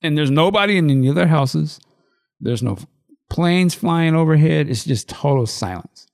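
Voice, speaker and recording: Speaking at normal speed in a gravelly, somewhat high voice, this man co-hosts a casual podcast. He animatedly recounts a film with plenty of swearing, performing its lines and laughing.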